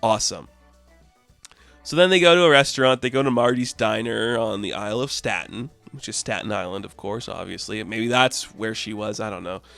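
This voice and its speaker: A man's voice: fairly low pitch, brisk, gravelly, hardly any pauses, fairly bright tone, soft background music. A man casually recapping a comic book, with laughs and loose fillers.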